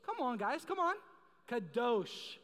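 A young man with a high voice preaches in a large hall, and the sound rings with a long reverb. He jokes, tells stories and calls out to the crowd in a casual, lively way. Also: normal speed. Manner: casual, joking, animated storytelling with the crowd. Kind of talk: sermon.

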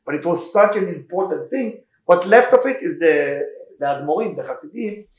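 A man leads an informal Torah class, his voice sitting a touch high. He tells stories with lively energy in broken English full of Hebrew words. The sound carries the echo of a reverberant room. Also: normal speed. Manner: animated storytelling, non-native English with Hebrew terms. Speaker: rabbi teaching a class. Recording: echoey room.

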